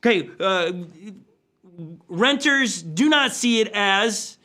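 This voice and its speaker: A middle-aged pastor preaching with a high, bright voice. He keeps it lively and jokey, and he often acts out the voices he quotes. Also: takes it slowly. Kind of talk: sermon. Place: church stage.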